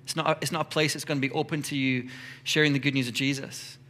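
A middle-aged man preaching a sermon in a church, lively, acting out short everyday dialogues in quick voices. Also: medium pitch. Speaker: pastor.

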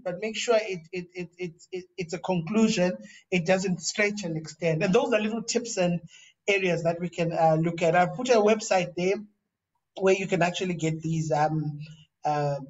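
A man lecturing as a professor, conversational, often repeating words and restarting phrases. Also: high-pitched. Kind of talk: lecture on academic writing. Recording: dull, distant lo-fi recording.

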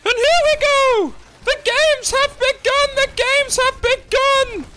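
A woman putting on the voice of a loud, excitable female arena announcer, booming and drawing out her proclamations over game footage. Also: slow pace, soft background music, full character voice. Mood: hyped. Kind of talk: mock sports-announcer commentary.

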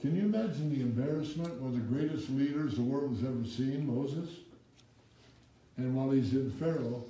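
A male pastor preaching an animated sermon, reading scripture in old-fashioned wording and prompting the congregation to finish the verses, with wry asides. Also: mid-range voice, moderate pace. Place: church sanctuary with congregation. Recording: echoey room, speaker far from the mic.

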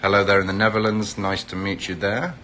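A man's voice: lowish voice, little pitch movement, brisk, sharp tone, slight background noise. A middle-aged Englishman, chatting casually on a phone live stream, greeting viewers by where they are and promoting an event. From England. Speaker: reality TV personality hosting a live stream.

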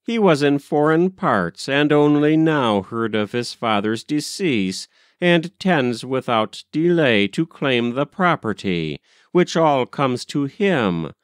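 A man reading a story aloud, voicing a quick-tempered, gossiping woman servant who talks in rustic, ungrammatical speech. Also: mid-range voice, big pitch swings, clean tone, dry recording, studio quality. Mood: gossipy.

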